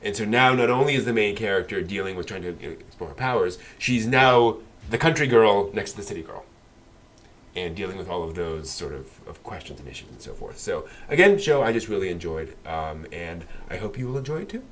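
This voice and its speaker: Rambling man with a lowish voice. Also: expressive, fairly quick, fairly bright tone. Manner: rambling, many fillers and restarts. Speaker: podcast co-host. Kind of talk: casual anime discussion.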